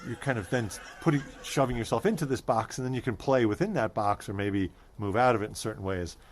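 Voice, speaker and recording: A man's voice: medium pitch, brisk. A man being interviewed as a stand-up comedian, talking in a thoughtful way with restarts and dry humor. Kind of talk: casual interview chat.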